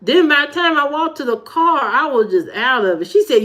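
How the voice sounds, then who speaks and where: A woman from Indiana with an Indiana accent, chatting casually on a livestream and telling stories with animated jumps in her voice; her high voice can sound youthful. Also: moderate pace, few pauses. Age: adult. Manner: animated storytelling, jumps high when retelling. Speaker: livestream host. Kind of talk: casual livestream chat reading comments.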